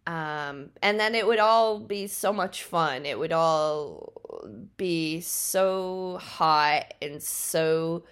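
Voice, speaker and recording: A woman hosting a podcast and telling stories casually, laughing often and pausing on ums. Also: sits low, fairly bright tone, smooth. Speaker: podcast host. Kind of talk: casual storytelling.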